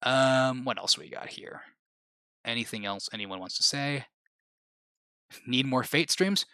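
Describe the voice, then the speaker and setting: Bright-voiced man chatting on a livestream. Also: mid-range voice, a little slow, clean tone, no echo. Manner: rambling, restarts, laughs at own remarks. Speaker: livestream host. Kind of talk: casual livestream chat.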